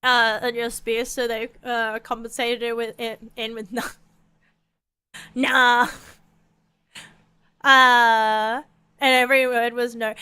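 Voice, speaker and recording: A woman's voice: on the high side, fairly even intonation, a little slow, pauses often, bright, forceful tone, clean tone. An Australian woman streaming a game, chatting casually, swearing freely and laughing often.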